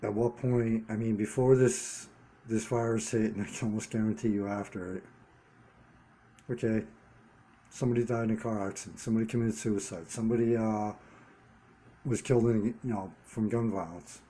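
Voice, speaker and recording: A man talking straight to his viewers in an unscripted monologue, earnest and halting, repeating key words for emphasis. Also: fairly low pitch, steady tone, mellow. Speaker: vlogger running a one-person channel.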